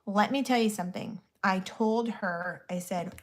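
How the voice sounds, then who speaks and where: A woman's voice: medium pitch, a little slow. A woman in her thirties chatting casually while doing her makeup, blunt and chatty, swearing freely. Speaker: vlogger.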